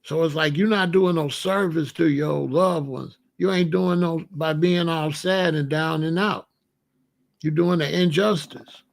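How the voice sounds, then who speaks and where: A middle-aged man talking casually and giving life advice, animated and conversational, with frequent restarts. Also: a little high, unhurried, vocal fry. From Chicago area. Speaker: vegan lifestyle host.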